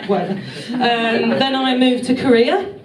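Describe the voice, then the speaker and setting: A young woman from England works through a stand-up set in a dry, self-deprecating way, chuckling at her own lines. Her voice sits on the higher side. She is heard from some distance in an echoey club with the crowd audible. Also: unhurried. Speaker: comedian. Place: comedy club stage.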